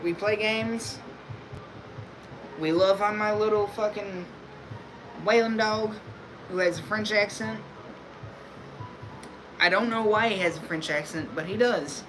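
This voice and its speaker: A man's voice: high voice, noisy background. Rambling, crude male streamer. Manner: rambling, crude, laid-back. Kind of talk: casual live-stream chat.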